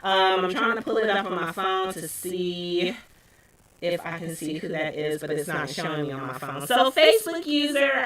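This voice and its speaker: A woman's voice: on the low side, a bit bright, dry recording. A woman hosting a casual livestream Q&A and answering viewer questions. She chats loosely, with lots of fillers and restarts, and laughs often. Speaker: livestream host and spiritual shop owner. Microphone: computer microphone. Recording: voice a bit far from the mic.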